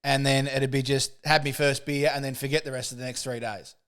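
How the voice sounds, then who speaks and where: A man's voice: mid-range voice, little pitch movement, fairly quick, fairly bright tone. A man co-hosting a podcast, trading jokes and swearing in casual chat. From Australia. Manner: swearing, joking banter. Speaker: podcast co-host.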